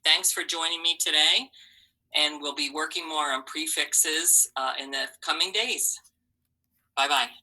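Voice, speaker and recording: A woman teaching a phonics lesson to young children, slowly sounding out letters and syllables with encouraging praise. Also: low-pitched, sharp tone, slightly rough, poor audio.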